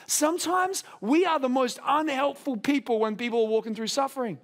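A man preaching a sermon in an earnest, conversational way, raising his voice to a shout for emphasis. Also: very high-pitched, normal speed, few pauses. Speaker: pastor.

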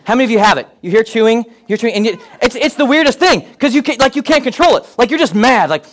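Male pastor, sermon, high voice, animated, jokey, near-shouting at peaks. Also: fast. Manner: animated, comic asides, rising to near-shouts.

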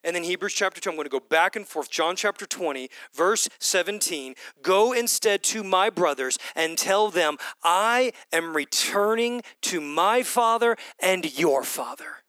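A man preaching a sermon with passion, repeating phrases and swinging from loud calls down to whispers. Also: high-pitched, expressive, unhurried, hardly any pauses, smooth, dry recording.

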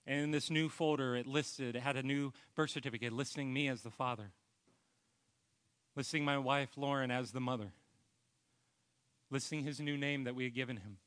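A male pastor preaching a sermon with earnest personal storytelling, often trailing off into a soft, low voice. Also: fairly even intonation, moderate pace, long pauses, smooth.

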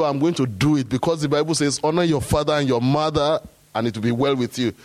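A man preaching a sermon, rising to loud, high exhortation and quoting scripture.

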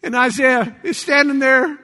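A man preaching a sermon to his congregation, dramatic, swinging between loud cries and hushed tones. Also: extremely high pitch, normal speed. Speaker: pastor. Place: church sanctuary. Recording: long church hall reverb.

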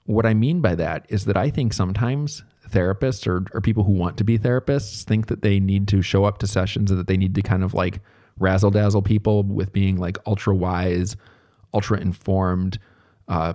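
A man giving a relaxed, conversational recorded lecture as a therapy instructor, thinking aloud as he explains. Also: low voice, moderate pace.

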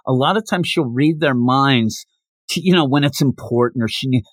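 A man's voice: mid-range voice, normal speed, no echo. A man hosting a podcast, casually recapping a manga chapter and jumping into character voices. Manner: animated, jumps into character voices. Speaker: podcast host.

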